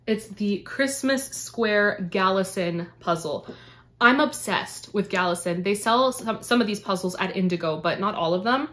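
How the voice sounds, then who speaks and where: A woman's voice: medium pitch, unhurried, fairly bright tone. A young woman from Canada chatting casually to camera on her book channel, gushing and effusive as she opens birthday gifts. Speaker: book vlogger. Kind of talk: casual unboxing chat to camera.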